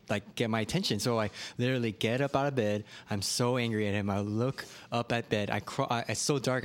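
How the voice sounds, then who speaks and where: A man co-hosting a podcast, telling a childhood story in casual chat. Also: medium pitch. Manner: storytelling with acted quotes. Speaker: podcast co-host.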